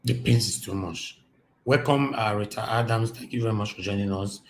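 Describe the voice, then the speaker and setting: A man's voice: fairly low pitch, moderate pace, slight background noise. A Nigerian man hosting a live-stream commentary, impassioned and repetitive, talking from his home office. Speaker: host. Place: home office, generator running.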